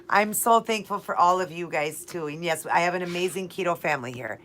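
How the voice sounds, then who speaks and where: A woman's voice: on the low side, brisk, few pauses, fairly bright tone, slight background noise. A woman in her forties hosting a live question-and-answer stream, speaking straight to her viewers in a heartfelt, repetitive way. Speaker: host of a live keto Q&A stream.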